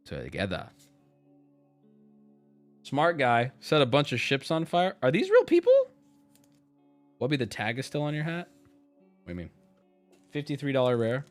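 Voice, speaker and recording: A man streaming himself opening card packs, chatting casually and joking, and yelling out loud whenever a rare card turns up. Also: medium pitch. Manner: joking, shouts at rare cards. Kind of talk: casual live-stream chat.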